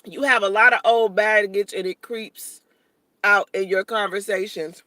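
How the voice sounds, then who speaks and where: A woman's voice: mid-range voice, normal speed, fairly bright tone, dry recording. A woman in her late thirties hosting a casual livestream, eating and talking with her mouth full, blunt and profane. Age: 30s. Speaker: livestream host.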